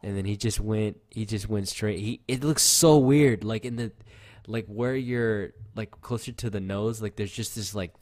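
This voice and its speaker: A man's voice: lowish voice, moderate pace, a little mellow. A man co-hosting a podcast, rambling through casual chat with lots of fillers and easily shocked reactions. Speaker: podcast co-host.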